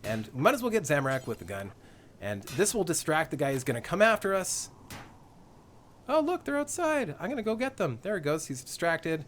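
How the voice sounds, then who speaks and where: A man's voice: on the high side, sing-song, fairly quick, a bit bright, slight background noise. A young man giving live commentary on a colony-building game, gleeful and darkly joking, laughing often. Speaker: gaming livestreamer.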